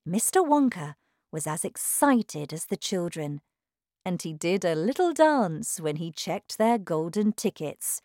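Slow, careful woman storyteller. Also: on the low side, sing-song, mellow, dry recording, clean studio sound. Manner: careful, clearly paced reading. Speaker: narrator. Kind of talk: slow storybook reading for learners.

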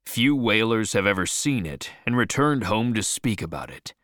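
A man's voice: on the low side, sing-song, moderate pace, fairly bright tone, no room sound, clean studio sound. A man voicing a grim, uneasy male first mate aboard a whaling ship.

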